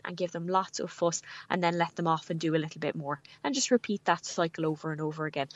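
Brief: low-pitched woman, pet expert guest, reassuring and practical, dull lo-fi line. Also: a little mellow, no room sound. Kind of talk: radio call-in advice.

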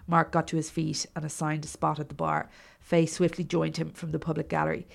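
A woman co-hosting a casual podcast who tells a story through dramatic read-aloud passages and offhand asides. Her voice sits low, with a gravelly fry. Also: monotone, brisk, hardly any pauses. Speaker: podcast co-host. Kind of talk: casual chat and reading aloud.

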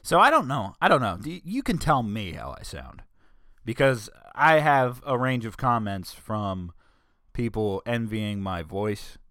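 A young man from northern Delaware talks through his solo podcast in a loose, rambling way, circling back on himself and tossing in jokes. His voice sits at an ordinary middle pitch. The recording is dry and close, with no room echo. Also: very animated, a little slow, pushed and bright. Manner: rambling, self-correcting, joking asides. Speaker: podcast host. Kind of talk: casual solo podcast monologue.

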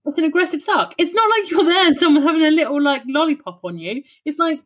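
Animated woman spinning wild theories. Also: high voice, quick pace. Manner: animated, swearing, playful theorizing. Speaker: podcast co-host. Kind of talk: casual chat.

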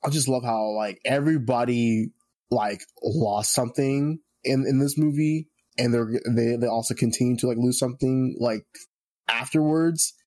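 A man chatting on a podcast, drifting through his thoughts with plenty of filler words. His voice is mid-pitched and relaxed. He sounds like someone talking with a friend. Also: normal speed. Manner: loose, filler-heavy talk with frequent "like". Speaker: podcast co-host. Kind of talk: casual chat.

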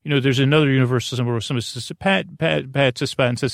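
Creaky, rambling bedtime podcast man. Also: mid-range voice, very fast, no room sound, clean studio sound. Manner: meandering, self-interrupting, deadpan jokes. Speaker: podcast host.

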